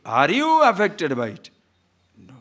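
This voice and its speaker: Here a man teaching scripture speaks unhurriedly in a high register whose pitch swoops wildly. Between chanted Sanskrit verses and acted-out examples, his volume rises loud and drops to a hush.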